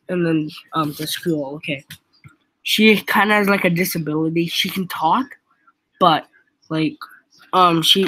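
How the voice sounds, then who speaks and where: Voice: mid-range voice, fairly bright tone, no echo, rough recording. A young teen vlogger telling a school story in a rambling, casual way, dropping "freaking" into nearly every sentence.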